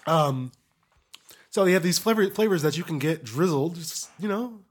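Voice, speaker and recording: A man with a fairly high voice chats loosely on a podcast. He jokes, laughs often and drops into goofy voices for a line or two. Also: animated, moderate pace. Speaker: podcast co-host. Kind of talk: casual chat.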